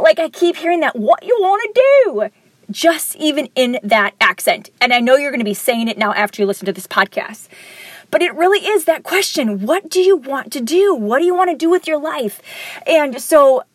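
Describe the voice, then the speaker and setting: A woman's voice: fairly high pitch, dry recording. A woman in her forties, a parent, hosting a casual solo podcast, talking in a chatty, rambling way and correcting herself as she goes.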